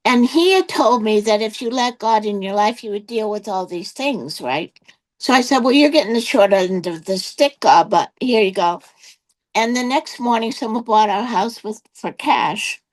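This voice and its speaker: A woman's voice: fairly high pitch, expressive, moderate pace, rough recording. An older woman giving her personal testimony as an interview guest, telling a rambling story full of quoted exchanges and fillers.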